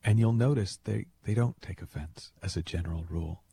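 A man hosting a call-in radio show, talking in a playful, animated storytelling way. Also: a little fast, slight background noise. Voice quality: deep gravelly voice. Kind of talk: conversational radio monologue.

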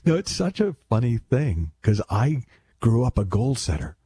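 A man's voice: mid-range voice, very animated, normal speed, warm tone, husky. A man talking as a self-help speaker in a casual, reflective monologue, rambling and wry with many self-corrections.

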